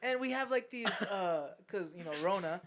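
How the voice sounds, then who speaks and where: A young adult podcast host at a middle pitch spins a long, profane story in relaxed chat. The delivery keeps breaking into laughter and grows loud and animated as the tale builds. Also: moderate pace, background noise.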